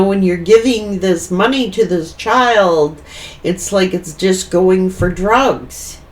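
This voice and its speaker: Woman tarot reader, unhurried and rambling, set back from the mic. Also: mid-range voice, distant mic. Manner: rambling and repetitive, thinking aloud. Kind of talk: tarot reading monologue.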